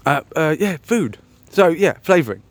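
Rambling man, slightly high voice. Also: sing-song, normal speed, no echo. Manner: meandering, self-mocking, lots of ums and restarts. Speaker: podcast host. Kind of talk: rambling solo podcast chat.

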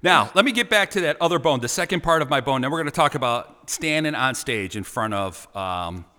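A man's voice: medium pitch, animated, a little fast, big-room sound. A man hosting a live show from Chicago, teasing his guest in a playful, jokey way. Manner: playful teasing, big swings in loudness. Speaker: radio show host. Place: studio in Chicago.

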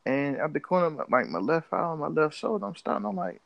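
Young male co-host, gravelly voice, dry close mic, casual slangy storyteller. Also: fairly high pitch, quick pace, dry recording. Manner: animated storyteller, acts out his own reactions in slang. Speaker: podcast co-host.

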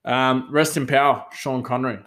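A man's voice: mid-range voice, fairly even intonation, normal speed, fairly bright tone. A man hosting a solo talk show, rambling casually with many fillers and restarts. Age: adult father. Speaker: podcast host.

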